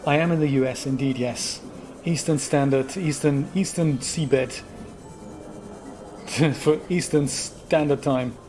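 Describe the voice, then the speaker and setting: A man hosting a live game stream, thinking out loud about what to craft and chatting back to his viewers as he plays. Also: a little high, takes it slowly. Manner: chatty, thinks aloud and answers viewer chat. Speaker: let's play host. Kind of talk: casual live gameplay commentary. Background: game music.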